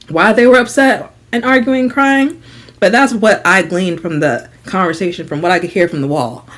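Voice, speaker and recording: Gossipy young woman telling a story. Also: on the low side. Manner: frank, gossipy, swears freely; animated storytelling with acted quotes. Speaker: vlogger. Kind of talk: storytime vlog.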